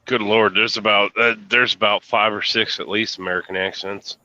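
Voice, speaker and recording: A man with a light Southern US accent chatting on a stream, firing off questions with halting restarts. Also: lowish voice, fairly even intonation, sharp tone, dry recording. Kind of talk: casual chat. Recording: dull lo-fi mic.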